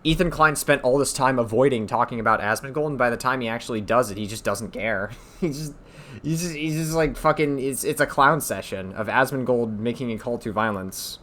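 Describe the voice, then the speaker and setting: A man's voice: mid-range voice, a little fast, fairly bright tone. A man giving heated, exasperated reaction commentary, swearing often and repeating his points. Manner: heated, exasperated ranting with profanity. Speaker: commentary streamer.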